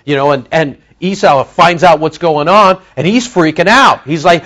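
Male pastor, expository sermon, lively pitch, slightly high voice, animated teaching. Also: normal speed, hardly any pauses. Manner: animated teaching, acting out the scripture characters' voices.

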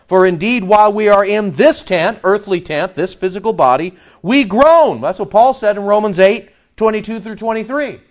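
A man preaching an expository sermon, emphatic and full of rhetorical questions. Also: high voice. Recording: dull lo-fi recording.

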